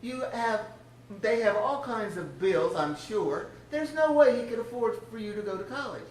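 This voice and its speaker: An older woman putting on the voice of a stern male test examiner who lectures emphatically and slowly. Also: fairly high pitch, animated, a little mellow, slight background noise, pitched above the performer's own voice, lightly acted. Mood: scolding. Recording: roomy, distant church sound.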